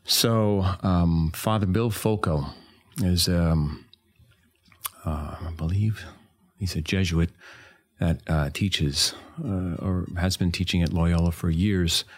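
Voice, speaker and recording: A man's voice: sits low, steady tone, takes it slowly. A man talking as a guest on a podcast, hesitant with many fillers and restarts. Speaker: guest actor. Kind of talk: casual podcast chat.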